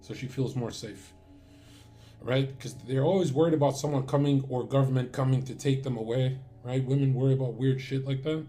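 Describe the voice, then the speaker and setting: A man's voice: mid-range voice, fairly even intonation, moderate pace, warm tone, soft background music. A man streamer talking in a casual, crude and rambling monologue full of swearing.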